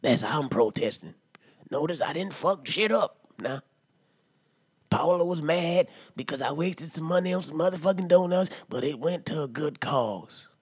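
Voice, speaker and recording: A man playing a rowdy, profane drunk uncle in a comedy monologue, ranting loudly and then dropping to low mutters. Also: expressive, normal speed, breathy edge, dry recording. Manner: loud profane rant, swings to low mutters. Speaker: comedy podcast character.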